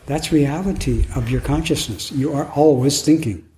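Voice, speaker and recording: A man's voice: fairly high pitch, normal speed, warm tone. Musing man giving a Zen dharma talk. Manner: playful, laughing, musing aloud. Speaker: Zen teacher. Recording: echoey room, faint noise.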